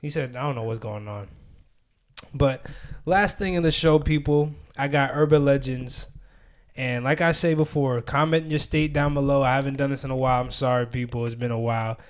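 A man's voice: mid-range voice, moderate pace. A young man co-hosting a podcast, chatting casually with lots of slang and laughter. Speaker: podcast co-host.

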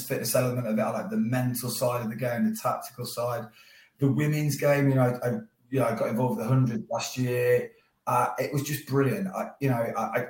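A man, a guest telling stories in casual chat with frequent laughs. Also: mid-range voice. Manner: animated storytelling with frequent laughs. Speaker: guest, former professional cricketer. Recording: roomy echo.

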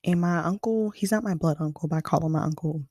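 A woman's voice: deep voice, fast talker, warm tone, slightly rough, no room sound. A young woman from Kansas City chatting frankly to her viewers, full of fillers. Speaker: vlogger. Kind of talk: casual storytelling to camera.

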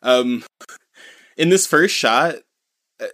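A man's voice: mid-range voice, animated, takes it slowly, a bit bright. A man co-hosting a podcast, recapping a comic in casual chat, rambling and full of "you know" and "like". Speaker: podcast co-host.

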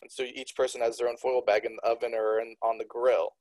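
A man's voice: medium pitch, little pitch movement, fast talker, darkish tone, rough recording. A man co-hosting a podcast in an easygoing, casual chat, asking questions. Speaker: podcast co-host.

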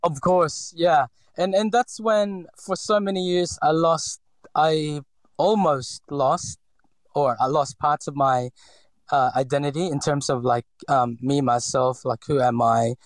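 A man's voice: on the high side, steady tone, measured pace, no room sound, poor audio. A man in his forties from the Philippines with a slight Filipino accent, telling his story in a hesitant interview full of fillers and restarts. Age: 40s. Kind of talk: reflective personal interview.

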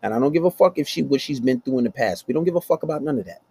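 A man's voice: mid-range voice, lively intonation, very fast, dark tone, breathy edge. A man hosting a blunt relationship-advice rant, talking aggressively and swearing constantly. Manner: aggressive, blunt, heavy cursing. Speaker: host.

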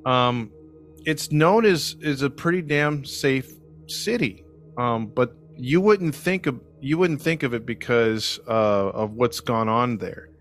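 Man at mid pitch, casual joking storyteller, lots of ums. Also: animated, slow pace, fairly bright tone, soft background music. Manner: joking, conversational, hesitant with ums and restarts. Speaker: podcast narrator.

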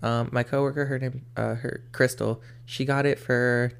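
A young man of middling pitch in a relaxed chat with a friend. He hesitates often and restarts his sentences as he tells a story. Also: gravelly, clean tone. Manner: halting, many fillers and restarts. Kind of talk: casual chat between friends.

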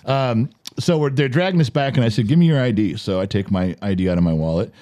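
A man in his forties hosting a podcast in a studio, telling a story in a lively, profane, laughing way. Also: medium pitch, fast. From United States. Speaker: podcast host. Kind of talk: animated storytelling chat.

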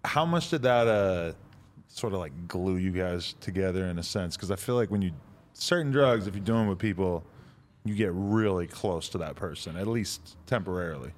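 A man's voice: deep voice, animated, normal speed. A man hosting a casual podcast interview, rambling and swearing, laughing often. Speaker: podcast host.

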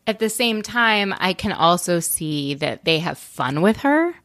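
A woman with a low voice co-hosting a podcast in casual chat. She talks in a thoughtful, meandering way and often restarts her sentences. The recording is close and dry. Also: animated, a little slow, a bit bright, dry recording. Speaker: podcast co-host.

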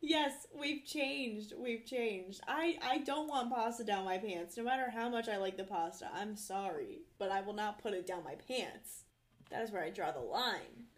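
A woman's voice: mid-range voice, normal speed, a little hiss or hum. A young woman co-hosting a casual podcast chat, telling stories in a chatty way full of "like" and frequent laughter. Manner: chatty, laughing, filler-heavy storytelling. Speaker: podcast co-host.

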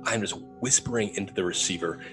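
A man's voice: lowish voice, quick pace, over music. A young adult man telling a ghost story casually, acting out the dialogue with laughs. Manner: animated, acts out quoted dialogue with laughs. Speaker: paranormal investigator telling his story.

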